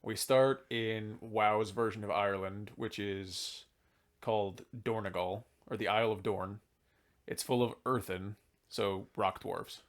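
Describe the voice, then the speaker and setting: A man's voice: lowish voice, steady tone, measured pace. A tipsy man hosting a podcast, rambling casually about game lore and swearing now and then. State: drunk. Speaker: podcast host.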